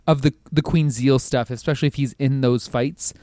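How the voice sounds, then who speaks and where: A man co-hosting a casual podcast, rambling in a relaxed way with jokey asides. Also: medium pitch, fairly quick, no room sound, studio quality. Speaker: podcast co-host. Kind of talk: casual chat.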